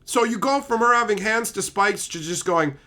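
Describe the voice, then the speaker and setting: A man's voice: high-pitched, lively intonation, normal speed, pushed and bright. A man streaming live, ranting with exasperated, profane mockery while reading chat.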